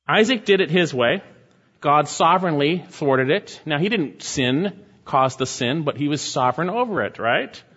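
A man's voice: sits high, a bit bright, slightly rough. Preaching man, lo-fi sound. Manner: preaching with rising emphatic exhortations and dramatic scripture reading. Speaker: pastor. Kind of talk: sermon.

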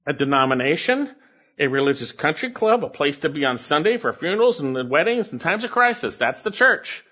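A man preaching an expository sermon, stressing key phrases with repetition and dropping into low asides. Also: highs cut off. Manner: emphatic, repeats key phrases, swings between loud stresses and low asides. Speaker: pastor.

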